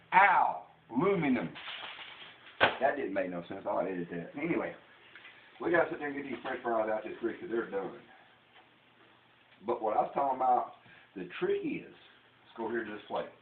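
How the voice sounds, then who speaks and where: A man's voice: on the low side, very animated, fairly quick, pauses often, slight background noise. Folksy Southern man in a tinny, echoey kitchen. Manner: folksy, rambling, jokey. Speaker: home cooking vlogger. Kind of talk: casual kitchen demonstration. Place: home kitchen. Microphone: camera mic.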